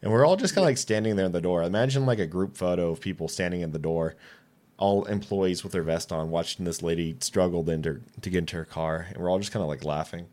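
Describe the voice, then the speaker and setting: A man in his late twenties, a podcast guest, telling casual stories with animated delivery, acting out quoted dialogue and swearing freely. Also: low-pitched, fast talker. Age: 20s. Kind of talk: casual storytelling.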